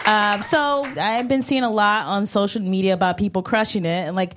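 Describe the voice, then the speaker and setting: A woman co-hosting a live comedy podcast, expressive and quick to mimic voices as she chats and opens the show. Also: medium pitch, a crowd in the background, background noise. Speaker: podcast co-host.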